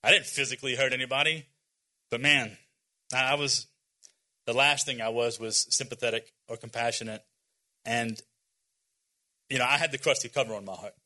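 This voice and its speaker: A man's voice: mid-range voice, steady tone, normal speed, pauses often, bright, forceful tone. A man in his forties giving an informal, earnest sermon to young people, with many fillers and restarts and some self-deprecating humor. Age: 40s. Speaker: youth speaker.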